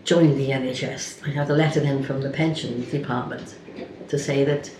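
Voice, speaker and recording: An older woman with a Cardiff accent tells her stories in a low, chatty voice and laughs as she goes. She is recorded in an echoey room, with clear noise behind her. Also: steady tone, normal speed, darkish tone. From Wales. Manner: chatty storyteller, laughs through her tales. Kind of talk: casual group reminiscing.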